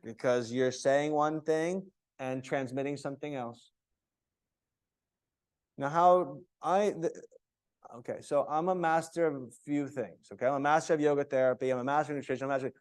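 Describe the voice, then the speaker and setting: Male yoga teacher trainer, slightly high voice, emphatic lecturing to a live class. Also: normal speed, clear, resonant tone. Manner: animated, emphatic, checks in with "okay?".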